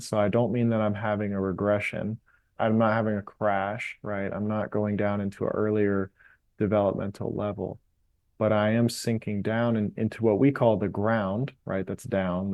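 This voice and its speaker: A man as a podcast guest, calmly and reflectively explaining ideas in an interview. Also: lowish voice, dry recording, highs cut off. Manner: calm, explanatory, unhurried. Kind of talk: reflective interview talk on meditation.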